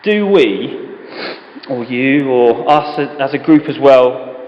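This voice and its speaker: A man's voice: mid-range voice, animated, slow pace. A man giving an informal Bible talk to a men's group, speaking conversationally and asking many rhetorical questions. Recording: echoey hall, dull lo-fi sound.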